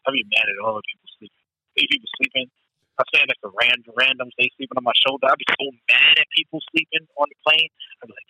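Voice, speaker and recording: A man's voice: mid-range voice, animated, quick pace, very noisy. A man in casual chat, telling stories with lots of animation, acting out his own nervous voice and swearing freely.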